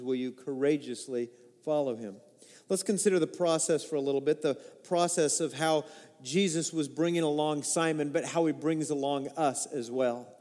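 A man preaching a sermon, swinging between loud emphatic lines and quiet low asides, and acting out the quoted lines in other voices. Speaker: pastor. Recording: reverberant hall.

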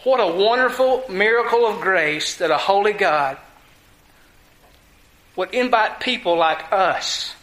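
A man's voice: sits high, animated, a little slow, pauses often, fairly bright tone. A man preaching a sermon in a folksy, conversational way, full of rhetorical questions to his church. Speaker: pastor. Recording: echoey room.

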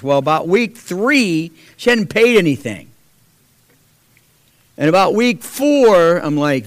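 A middle-aged man telling a personal testimony to a church, animated, acting out the voices in his story and swinging from loud to hushed. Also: sits high, slow, pauses often, no echo. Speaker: church speaker sharing a testimony.

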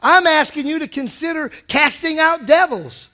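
A male pastor preaching at a weeknight church service, with a very high voice. His tone is bright and forceful, and he keeps his delivery emphatic, pushing up to shouts to drive his points home. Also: normal speed. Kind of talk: sermon.

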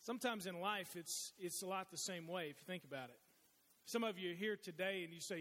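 A middle-aged pastor preaches a sermon in a church sanctuary, and the large hall gives the recording a long reverb. His voice is high-pitched, a little fast, and sharp in tone. He tells folksy stories and restarts his sentences often.

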